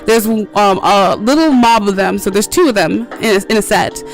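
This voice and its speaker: A woman streamer chats casually while playing a game, rambling through stories with lots of filler words, swearing freely and laughing often. Her voice is mid-range at a moderate pace, with soft music in the background.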